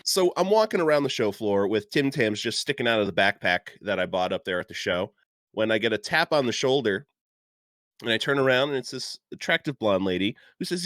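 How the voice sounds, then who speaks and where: Guy chatting on a podcast, kinda low voice, rambly with lots of uhs, dry mic. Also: lively intonation, brisk, a bit bright, no echo. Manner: chatty anecdote telling with frequent uh fillers and laughs. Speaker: podcast guest. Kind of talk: casual chat.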